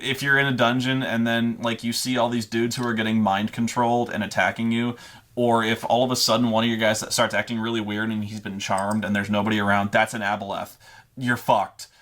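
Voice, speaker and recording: A man's voice: medium pitch, a bit bright. A man rambles through advice from behind the game master's screen, swearing freely and tripping over restarts. His talk is loose and unscripted. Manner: rambling, profane, with stammering restarts. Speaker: dungeon master giving gaming advice. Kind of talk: casual unscripted monologue.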